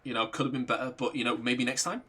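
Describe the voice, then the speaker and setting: A man's voice: medium pitch, steady tone, quick pace, fairly bright tone, husky. A man voicing a bored, cheerful, bloodthirsty immortal man, speaking in a casual, offhand way. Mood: chatty.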